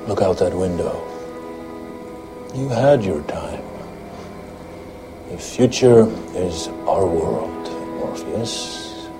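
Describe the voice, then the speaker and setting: An actor playing a cold, menacing male machine agent, speaking deliberately with odd stresses and pauses, with film score music behind him. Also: low voice, expressive, full character voice. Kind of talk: film dialogue clip.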